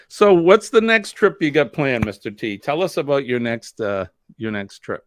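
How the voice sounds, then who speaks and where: A man's voice: mid-range voice, slight background noise. Chatty New man hosting a live show. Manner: chatty, laughs often, reads chat comments aloud. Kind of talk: casual live-stream chat.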